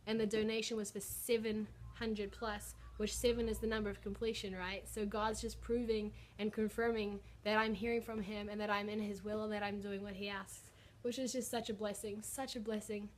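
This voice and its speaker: A woman's voice: medium pitch, flat delivery, moderate pace, hardly any pauses, slight background noise. A young woman, chatting in a bubbly, filler-heavy way as she shares a personal faith story on her vlog. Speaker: vlogger. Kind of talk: casual testimony vlog.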